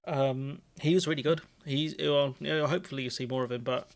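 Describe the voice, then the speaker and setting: A man co-hosting a live stream, chatting casually and giving relaxed, opinionated political commentary. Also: mid-range voice, fairly quick, gravelly.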